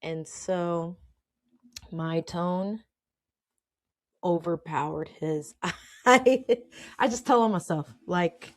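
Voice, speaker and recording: A woman's voice: lowish voice, extremely slow, pauses often. A woman hosting a podcast, telling her own work stories in a chatty, emphatic way, often checking in with "okay?" and laughing. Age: adult with children. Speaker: podcast host. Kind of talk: casual storytelling monologue.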